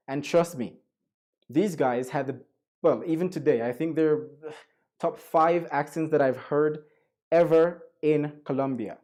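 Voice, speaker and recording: Warm-voiced man lecturing. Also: a little high. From Jamaica. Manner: chatty, coaxing, switches into Spanish asides. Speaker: guest lecturer. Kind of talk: online webinar lecture.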